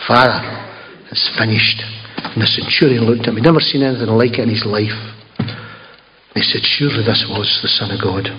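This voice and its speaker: A man's voice: medium pitch, slight background noise. A man preaching a sermon in a conversational, emphatic storytelling manner with asides. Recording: slightly dull lo-fi recording.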